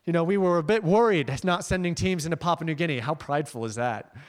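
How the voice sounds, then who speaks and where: A young man giving an energetic, conversational sermon as a missionary speaker, telling stories with slides and laughing often. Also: on the high side, quick pace.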